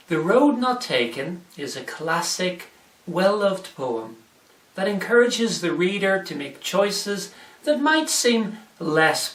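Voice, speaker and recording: A man's voice: high-pitched, fairly bright tone, distant mic. A man presenting a comic church devotional video, telling jokes and answering himself as a weary skeptic. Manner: plays both joke-teller and weary skeptic. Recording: echoey room, off mic.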